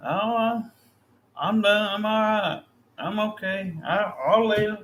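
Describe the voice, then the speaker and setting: A man's voice: high-pitched, steady tone, slow pace, a bit bright, a little hiss or hum. A weary, fed-up man in a casual, angry rant, swearing constantly as he complains. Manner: angry, profane ranting.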